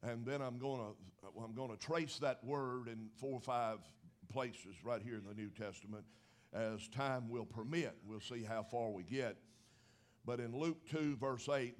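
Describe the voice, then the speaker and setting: A man's voice: mid-range voice, a little slow. Folksy preacher man. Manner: folksy preaching, building to emphatic rises. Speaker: pastor. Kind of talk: sermon.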